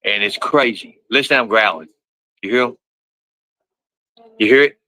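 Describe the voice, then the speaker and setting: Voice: medium pitch, normal speed, pushed and bright, poor audio. A livestreamer, talking casually and profanely while scolding pets. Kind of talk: casual live-stream chat.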